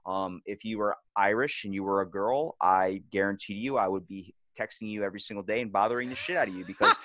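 A man's voice: fairly low pitch, quick pace, fairly bright tone. A young man hosting a podcast, talking bluntly in a rambling, casual way with crude jokes. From United States. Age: young adult. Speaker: podcast host.

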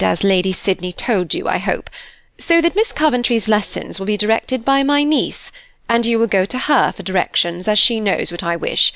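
A woman's voice: medium pitch, dry recording, lightly acted. A woman voicing a fussy, complaining older aristocratic mother in an audiobook, speaking in an injured, fretful tone.

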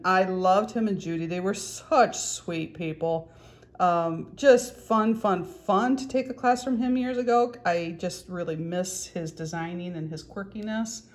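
A middle-aged woman chatting casually and joking about herself as she demonstrates stitching techniques at home. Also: medium pitch. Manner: chatty, joking, self-deprecating. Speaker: cross-stitch vlogger. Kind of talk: casual tutorial chat.

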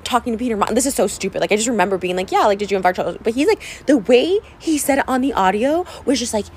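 A woman's voice: a little high, expressive, fast, darkish tone, slight background noise, rough recording. A woman in her thirties venting in a personal vlog, rambling and upset, full of fillers and restarts, tearful at times, recorded on a phone camera. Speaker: vlogger. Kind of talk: emotional personal vlog rant.

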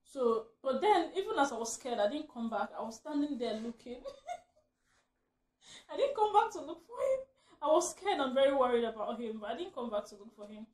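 A woman vlogger telling a funny story in casual chat, animated and laughing often as she acts out what she shouted. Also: high voice, a little fast. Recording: roomy echo.

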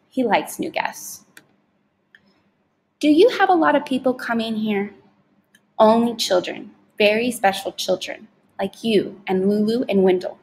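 Woman reading a sweet, secretive older housekeeper in a storybook; coaxing, lively pitch. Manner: coaxing, gently mysterious.

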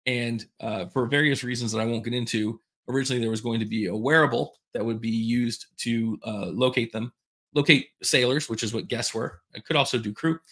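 A man's voice: medium pitch, fairly even intonation, fairly quick, fairly bright tone, breathy edge. A man hosting a podcast alone, talking candidly in a casual, self-deprecating way, with rambling asides. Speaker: podcast host. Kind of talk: casual solo podcast talk.

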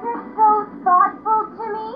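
A woman's voice: very high-pitched, steady tone, a little slow, over loud music. A woman voicing a spoiled teenage schoolgirl who wants gifts, whiny and demanding, in lo-fi game audio.

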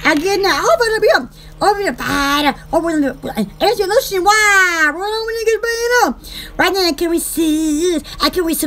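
A woman's voice: extremely high pitch, animated, unhurried, bright, forceful tone, a little hiss or hum. A woman, hosting her online shop in rambling casual chat, giggly and silly, laughing and squealing often.

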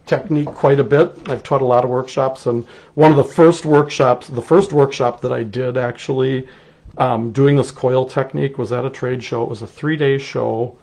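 A middle-aged man with a Wisconsin accent, demonstrating a clay technique in a relaxed, chatty way as he works. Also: mid-range voice, moderate pace, creaky. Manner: relaxed, chatty, explains while working. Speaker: clay artist teaching a technique. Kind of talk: casual live demonstration.

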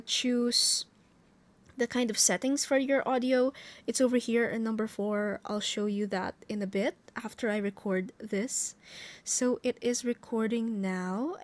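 A woman hosting a casual gear tutorial, chatty and giggly, laughing often and joking as she goes. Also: mid-range voice. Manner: jokey asides. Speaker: tutorial host.

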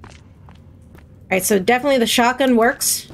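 A woman giving let's play commentary on a horror game, excitable and yelling mock exorcisms at the monsters. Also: fairly high pitch, normal speed, creaky, pauses often, slight background noise. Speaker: gaming commentator.

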